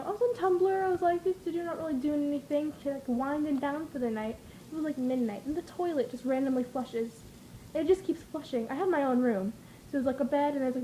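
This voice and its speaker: A woman's voice: high-pitched, dark tone, slight background noise, poor audio. A woman vlogging in a casual, rambling way, giggling and acting out her own reactions as she tells stories. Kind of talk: casual chatty vlog storytelling.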